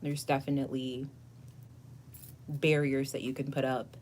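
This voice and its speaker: Low-voiced effusive woman tarot reader. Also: level tone, unhurried, darkish tone, slight background noise. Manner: effusive and gushing, laughs often, casual swearing. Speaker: tarot reader and channel host. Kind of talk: casual livestream chat answering viewers.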